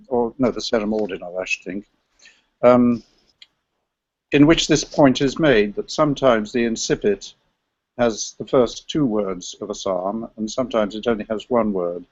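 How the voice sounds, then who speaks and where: A man with a gravelly voice presents an academic paper in a scholarly, meandering way. The recording is dry and slightly dull, with no room sound. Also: lowish voice, normal speed, no room sound. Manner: scholarly, digressive, sings chant examples. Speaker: lecturer on medieval chant.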